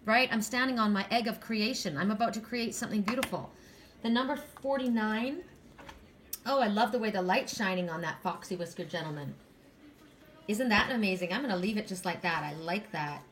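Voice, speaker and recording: A woman's voice: medium pitch, brisk, a bit bright. A middle-aged woman doing an oracle card reading, talking in a rambling, chatty, gushing way. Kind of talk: casual card reading monologue.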